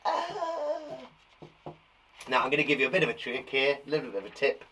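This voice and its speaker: Animated man teaching spelling. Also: mid-range voice. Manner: cheerful, encouraging, slow and clear dictation of words. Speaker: primary school teacher. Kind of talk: live spelling lesson for young children. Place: garden shed.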